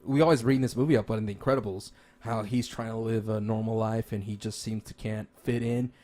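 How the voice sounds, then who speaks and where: This man's voice is on the low side, a little mellow, with fairly even intonation and a brisk pace. Co-hosting a podcast, he rambles enthusiastically about games and movies, full of fillers and restarts.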